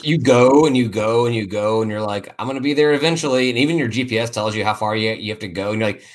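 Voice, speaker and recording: Low-voiced man hosting a casual podcast. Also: fast talker. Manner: loose and joking, laughs often, repeats words. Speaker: podcast host. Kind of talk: casual sports podcast chat.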